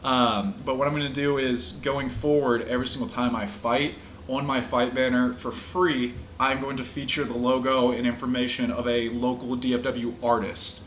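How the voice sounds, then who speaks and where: A man's voice: mid-range voice, little pitch movement, normal speed, fairly bright tone, a little hiss or hum. A young man, hosting a casual podcast, talking loosely with frequent swearing and easy laughs. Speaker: podcast host and pro fighter. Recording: echoey room with faint ambience.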